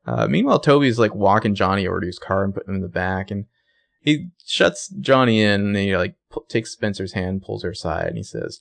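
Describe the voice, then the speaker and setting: A man's voice: low-pitched, lively intonation, fairly quick, creaky. A young man co-hosting a casual chat, retelling a TV episode by acting out the characters' lines. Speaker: podcast co-host recapping a TV show.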